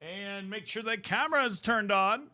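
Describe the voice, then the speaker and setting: A young male streamer chats playfully with his viewers in a casual livestream, sounding a little out of breath. His voice sits high, with a bright, forceful tone at a normal speed, and there's no echo.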